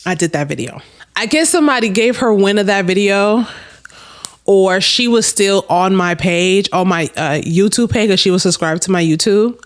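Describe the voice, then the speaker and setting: A woman's voice: mid-range voice, animated, normal speed. A woman telling a storytime to her camera, candid and blunt, swearing freely and talking straight to her viewers. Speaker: storytime vlogger.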